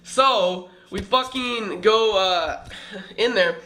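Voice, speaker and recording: Young man, high voice, vlog storytelling, rambling, swearing, lots of fillers. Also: drawn-out words, sharp tone. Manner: rambling, profane, filler-heavy retelling. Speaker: vlogger. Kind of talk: casual storytelling. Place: California trip, downtown L A.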